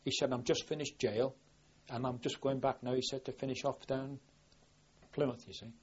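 A man's voice: medium pitch, normal speed, muffled recording, a little hiss or hum. An older man, a navy veteran, telling his wartime memories in a rambling oral history interview, full of restarts and quoted dialogue. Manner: rambling with frequent restarts, lively when quoting himself. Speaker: war veteran recalling service.

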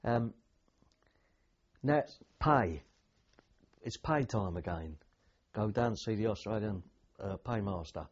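A man's voice: on the low side, lively intonation, slow pace, pauses often, dull audio. An older man, a veteran telling rambling anecdotes with dry humour in an oral history interview.

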